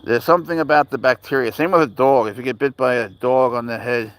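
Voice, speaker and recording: A man streams live while taking his cat for a walk in a park, talking casually and fast with a medium pitch and fairly even intonation. His talk is blunt, profane and rambling, and he responds aloud to chat messages.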